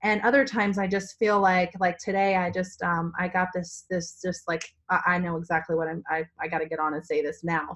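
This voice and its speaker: A woman from Virginia with a hoarse, partly lost voice, giving a spontaneous, rambling pep talk to her sales team from a family home. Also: on the low side, a bit bright. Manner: enthusiastic, rambling, full of restarts. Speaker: direct-sales team leader. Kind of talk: spontaneous motivational vlog.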